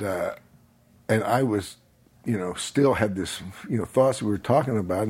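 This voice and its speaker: A man, older, telling a personal story in a casual conversation, animated, often laughing and acting out what people said. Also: fairly low pitch, breathy edge. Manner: animated, laughs while telling, acts out quotes.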